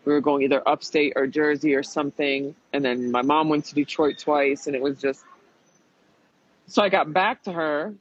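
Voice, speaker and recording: Husky, profane storyteller man. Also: a little high, normal speed. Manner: profane, emphatic, animated retelling with quoted voices. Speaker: guest recounting reality show experience. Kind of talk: casual storytelling chat. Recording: dull lo-fi sound.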